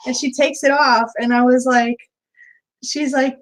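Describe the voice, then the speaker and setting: Woman, central Florida, co-host, casual chat, storytelling, frequent laughs, slightly high-pitched. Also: measured pace, a bit bright, low-quality recording. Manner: chatty storyteller, laughs often. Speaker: co-host of a live chat stream.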